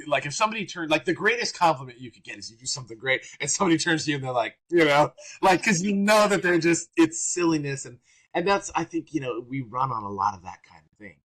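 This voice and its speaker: A man guesting on an interview podcast, telling lively anecdotes in a casual, excitable way. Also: on the high side. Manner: animated, excitable anecdotes with bursts of energy. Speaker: guest trumpeter. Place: works around Orange County, California.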